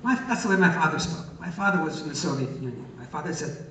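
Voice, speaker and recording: A man's voice: on the high side, expressive, fast talker, a bit bright, slight background noise. Older man telling wry stories in an echoey hall. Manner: wry, teasing storyteller with many hesitations. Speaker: guest answering audience questions. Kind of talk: live Q&A. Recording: echoey hall, far from the mic, dull sound.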